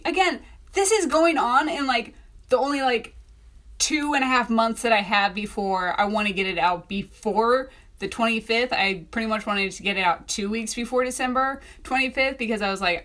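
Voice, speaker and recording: A young woman telling a story in a casual vlog, animated and acting out the voices she quotes. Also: on the high side, moderate pace. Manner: animated, acts out quoted voices, laughs often. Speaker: author vlogger.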